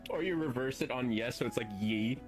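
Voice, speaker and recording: A man's voice: medium pitch, quick pace, soft background music. A man joking around on a stream, riffing on silly ideas. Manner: jokey, riffs on ideas. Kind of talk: casual stream chat.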